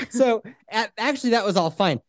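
A woman in casual podcast chat, swearing a lot as she tells a story and slipping into quick voices for the people in it. Her pitch swings around a lot, and the dry sound has almost no room echo. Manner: swears freely and acts out other people's voices. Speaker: podcast co-host.

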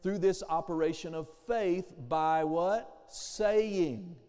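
A man's voice: high voice, slow pace, warm tone, smooth, big-room sound. A man pastor preaching a sermon, calling for amens and acting out the voices he quotes.

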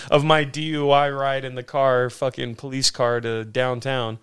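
A man co-hosting a podcast, telling stories in casual chat, swearing often and acting out his own past lines in loud bursts. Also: medium pitch, level tone, a little slow, clear, resonant tone. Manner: profane storyteller, mimics himself in loud quoted bursts. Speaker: podcast co-host.

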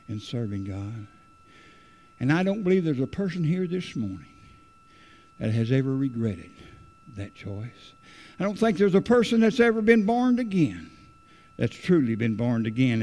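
Gravelly guy preaching in church, earnest, loops back on his words a lot. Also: mid-range voice, darkish tone. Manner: earnest, rambling, repeats phrases. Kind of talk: sermon.

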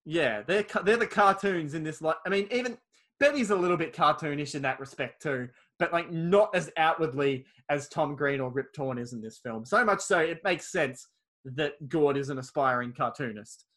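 A man's voice: fairly high pitch, normal speed, a bit bright. A man, casually recapping a film on a podcast, swearing freely and acting out quoted lines. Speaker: podcast co-host.

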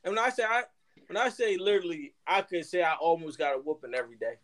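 A man's voice: on the high side, quick pace, fairly bright tone. A man, co-hosting a podcast and telling stories from his own upbringing in a reflective way. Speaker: podcast co-host. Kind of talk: casual podcast talk.

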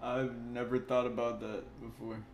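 A man in casual chat, reacting in an amused, drawn-out way. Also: mid-range voice, flat delivery, darkish tone.

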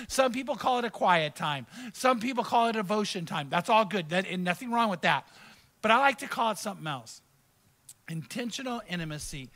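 A man's voice: high voice, pushed and bright. A male pastor preaching a sermon, reading verses aloud and teaching through personal stories in a conversational way.

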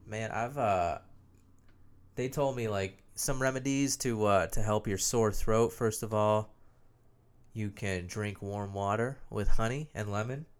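A man's voice: fairly low pitch, fairly even intonation, measured pace, clean tone. Congested young man rambling on a podcast. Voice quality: nasal, phlegmy. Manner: loose, self-mocking, swears a lot. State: congested and sore-throated. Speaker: podcast host. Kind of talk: rambling solo podcast chat.

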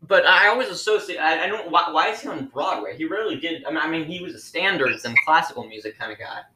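A man's voice: a little high, lively intonation, fast, sharp tone. Stammering, incredulous man host. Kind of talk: improvised comedy interview. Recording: roomy echo.

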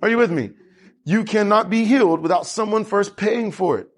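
A man preaching a lively sermon as pastor, asking the congregation questions and drawing answers back. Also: high voice, normal speed. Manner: animated preaching with congregation call-and-response.

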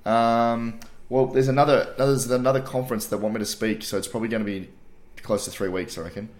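A man's voice: mid-range voice, flat delivery, fairly quick. An Australian man co-hosting a podcast in laid-back casual chat, swearing freely, heard over a remote video call with a poor connection. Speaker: podcast co-host.

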